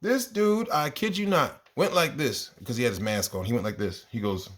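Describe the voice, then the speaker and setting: A man with a middling, everyday pitch tells stories from his kindergarten class in a loose, chatty monologue. He sounds exasperated and animated, and his voice leaps up whenever he quotes what he said to the kids. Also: brisk. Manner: animated, exasperated, jumps into high voices when quoting himself. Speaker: kindergarten teacher. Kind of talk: casual storytelling monologue.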